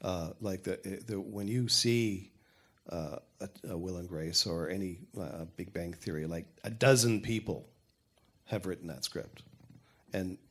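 Low-voiced older showrunner, rambling. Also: male voice, a little slow, breathy edge. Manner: rambling, self-correcting, frank. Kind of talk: panel Q&A talk.

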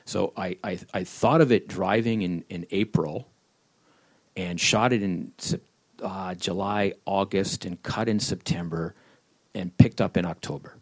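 A man's voice: sits low, steady tone, a little slow. A man who creates comedy shows tells wry, rambling stories during an audience Q&A at a live panel event. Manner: wry, rambling storyteller who slips into voices.

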